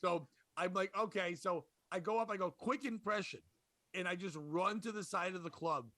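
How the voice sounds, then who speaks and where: A man telling a comedy club story in casual chat, animated and profane, laughing as he goes. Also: high-pitched, a little fast, no echo. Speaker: podcast host and comedian.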